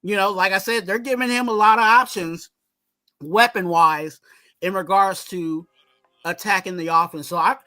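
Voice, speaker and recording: A man's voice: sits high, fairly even intonation, normal speed, bright, forceful tone, no room sound, poor audio. A man co-hosting a casual sports talk show, rambling and often saying "you know what I'm saying". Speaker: co-host.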